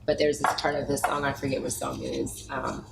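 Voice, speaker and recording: A woman's voice: extremely low pitch, big pitch swings, fairly quick. A woman hosting a podcast, reflecting thoughtfully and repeating key phrases for emphasis. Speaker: podcast host. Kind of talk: casual chat. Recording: noisy podcast recording.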